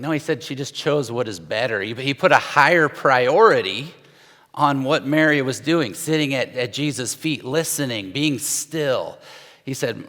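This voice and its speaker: A man's voice: mid-range voice, animated, moderate pace, sharp tone. A middle-aged man, a pastor, preaching a sermon in a loose, conversational way with frequent restarts and acted-out quotes. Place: church sanctuary with long reverb. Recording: long hall reverb.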